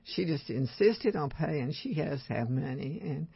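An older woman co-hosting a Christian talk show, speaking in a husky, hesitant way. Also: low-pitched, animated, no room sound. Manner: hesitant, halting. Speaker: co-host. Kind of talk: casual chat. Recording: dull dry lo-fi sound.

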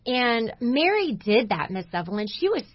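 A woman's voice: fairly high pitch, very animated, moderate pace, breathy edge, no echo, muffled recording. A woman co-hosting a Christian radio talk show, telling a story with lots of laughter. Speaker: radio show co-host, coach. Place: radio studio.

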